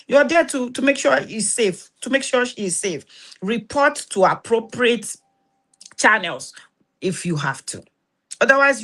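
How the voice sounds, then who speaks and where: A woman's voice: mid-range voice, fairly bright tone. Woman host, earnest and urgent, drives points home with repetition. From Nigeria. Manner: urgent and exhorting, with repeated words and restarts. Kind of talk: earnest spoken talk to camera.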